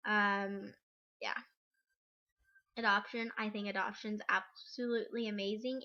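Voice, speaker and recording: A young mother talks through her parenting opinions in a casual home vlog, frank and chatty with plenty of ums. Her voice sits a little high and sounds very bright and forward. The recording is dull and lo-fi, like a basic webcam. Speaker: parent vlogger.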